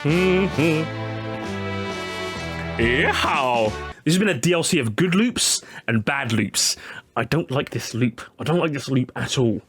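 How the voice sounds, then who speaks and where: A young man chatting casually on a live stream, animated and jokey, talking to his chat. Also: mid-range voice, takes it slowly. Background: faint game music.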